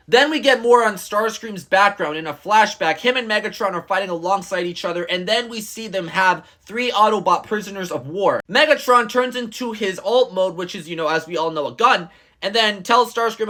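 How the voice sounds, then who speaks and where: A man vlogging a casual, rambling comic book recap in excitable slang. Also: sits high, normal speed.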